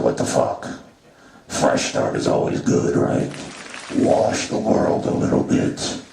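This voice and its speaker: A man's voice: a bass voice, vocal fry, a little mellow, heavily acted. A man doing stand-up as a crude, callous male god who mocks his worshippers. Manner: crude, mocking and swaggering. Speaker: stand-up comedian. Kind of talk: stand-up comedy in character. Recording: roomy live venue from far off, audience noise.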